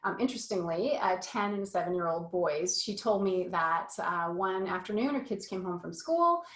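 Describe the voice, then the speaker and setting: A woman's voice: fairly low pitch, animated, normal speed, fairly bright tone, reverberant. A woman coaching parents in a casual, chatty talk full of fillers and asides. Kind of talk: casual online course talk.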